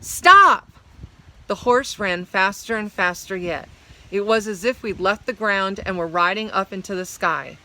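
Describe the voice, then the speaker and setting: Bright-voiced woman reading a story. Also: medium pitch, normal speed. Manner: explains hard words while reading. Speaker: story reader.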